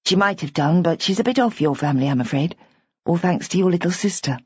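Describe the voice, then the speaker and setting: Woman reading a practical young woman, firm, low-ish husky voice, dull sound. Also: expressive, fast, no echo. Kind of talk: audiobook character voice. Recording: dull, lo-fi audiobook recording.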